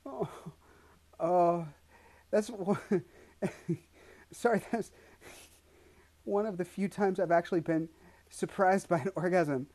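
A woman talking casually and unscripted to her listeners, in drawn-out, breathless exclamations broken by frequent laughter. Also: on the low side, darkish tone.

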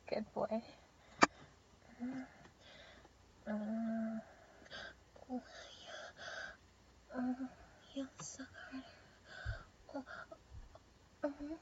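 A young woman in a whispered role-play, speaking in a soft, teasing whisper with breathy murmurs. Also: high voice, steady tone, very slow, pauses often. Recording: dull lo-fi audio with faint background hiss.

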